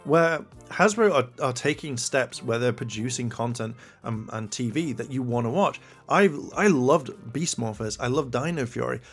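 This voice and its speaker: A man's voice: normal speed, few pauses, husky. Man ranting casually with music behind. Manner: rambling, many fillers, rises in pitch when exasperated. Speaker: commentary channel host. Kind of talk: casual opinion commentary.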